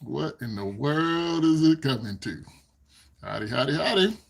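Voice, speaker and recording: A man talks to his livestream viewers in a husky, slightly high voice, drawing his words out slowly. He giggles between sentences and rambles, repeating phrases as he goes. His pitch swings widely as he talks into a desk microphone. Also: very animated. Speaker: livestream host. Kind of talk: casual livestream chat with viewers.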